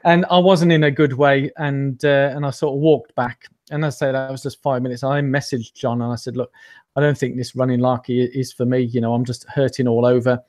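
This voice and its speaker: A man's voice: mid-range voice, flat delivery, a little fast, darkish tone. A man telling his story as an interview guest in a rambling, self-deprecating way, with many ums and restarts. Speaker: interview guest, amateur runner. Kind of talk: casual storytelling chat.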